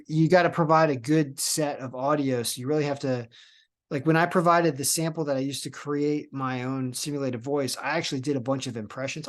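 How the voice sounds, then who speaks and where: A man talking casually on his own podcast, drifting from thought to thought and restarting his sentences often. His voice sits at an ordinary middle pitch for a man. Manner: rambling, with many restarts and trailing phrases. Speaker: podcast host.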